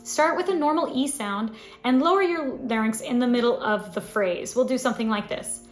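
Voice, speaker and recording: A woman voice teacher giving a scripted singing lesson, explaining clearly and now and then demonstrating sounds. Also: fairly high pitch, normal speed, roomy sound, soft background music. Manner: clear instructive delivery with sung demonstrations.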